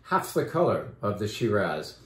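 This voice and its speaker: A man's voice: on the low side, sing-song, moderate pace, echoey room. A man who runs a wine shop, chatting enthusiastically about the wines on offer in a casual, rambling way. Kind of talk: casual wine talk video.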